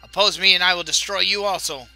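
A haughty, cruel queen , as a man reading a game's dialogue puts her on, speaks with imperious scorn. The voice sits a little high and has a very bright, forceful edge, with faint game music behind. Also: fairly even intonation, quick pace, creaky, full character voice, rough recording. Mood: imperious, scornful.

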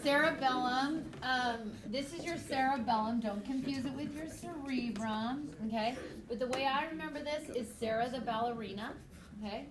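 A woman teaching a high school biology class, chatty and goofy, telling stories between points. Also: normal speed, echoey room, crowd noise, low-quality recording. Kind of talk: classroom lecture with anecdotes.

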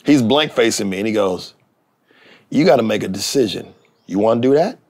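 A man's voice: on the low side, brisk. A middle-aged man, a TV writer and actor, telling a story in a casual interview, acting out the people he quotes. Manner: animated, acts out quoted voices.

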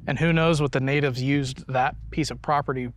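Calm male ghost-hunting co-host. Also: mid-range voice, moderate pace, slight background noise. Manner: calm, addresses spirits directly. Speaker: paranormal investigator co-host.

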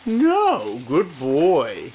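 A man talking to his baby son at home, playful and gently scolding, repeating words over and over. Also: fairly high pitch, huge pitch swings, extremely slow. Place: at home, indoors. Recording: noisy home camcorder recording.

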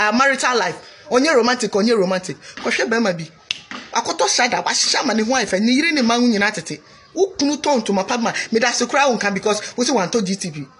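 A woman's voice: fairly high pitch, a bit bright, slightly rough. A Ghanaian woman giving a scolding, preachy monologue on marriage, repeating phrases for emphasis. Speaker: vlogger giving marriage advice. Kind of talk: opinionated monologue.

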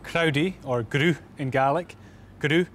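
A man's voice: on the high side, unhurried, noisy background. A Scottish man presenting a language lesson on location, playful and full of puns. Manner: jokey, punning, lively. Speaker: presenter teaching words on location. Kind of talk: playful pun-filled presenting.

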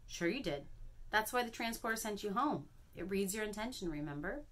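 A woman doing a gruff older magic mentor. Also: medium pitch, expressive, a bit bright. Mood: stern. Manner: firm, brisk, lecturing.

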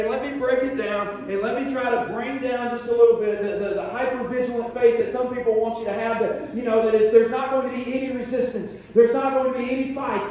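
Male pastor, high voice, folksy and emphatic sermon delivery, recorded off mic in a very reverberant church. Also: darkish tone, far from the mic. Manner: folksy storytelling preacher, drawn-out emphatic points. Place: church sanctuary.

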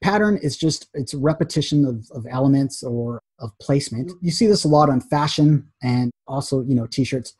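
A man teaching a casual graphic design lesson, chatty and animated, acting out little quotes as he explains. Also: mid-range voice, normal speed, few pauses, breathy edge, dry recording.

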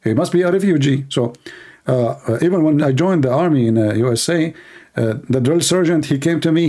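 Man with an Arabic accent and a slightly high voice, doing a rambling, mocking comedy monologue. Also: fairly quick, mellow. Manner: rambling, sarcastic, many fillers. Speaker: comedy host.

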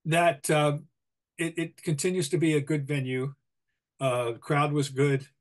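An older man with a Boston accent, co-hosting a sports podcast, opinionated and full of halting restarts. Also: fairly high pitch, flat delivery. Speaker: podcast co-host, basketball writer. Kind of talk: casual sports talk.

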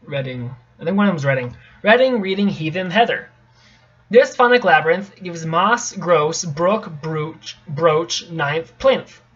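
A young man reading a tricky poem aloud in a casual, halting way, often stopping to correct himself and mutter asides. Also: a little high, expressive, a bit bright, slightly rough. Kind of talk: casual stumbling read-aloud. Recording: dull lo-fi home recording.

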